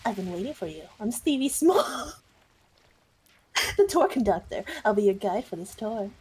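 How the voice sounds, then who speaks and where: A woman voicing a chipper male tour guide in a game, announcing slowly. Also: medium pitch, sing-song, darkish tone, husky.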